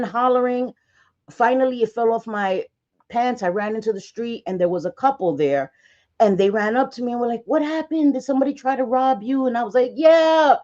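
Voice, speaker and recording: A woman hosts a casual livestream, mid-pitched and talkative, rambling through stories with easy laughs and plenty of swearing. The stream audio comes through somewhat dull and lo-fi. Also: a little mellow. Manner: chatty storytelling, swears freely; frequent laughs and restarts. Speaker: livestream host.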